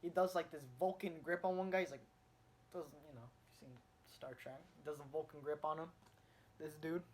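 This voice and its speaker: A young man casually retelling a comic book story, rambling with fillers and restarts and getting excited in bursts. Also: a little high, fairly quick. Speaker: comic reviewer. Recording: faint background noise, home recording.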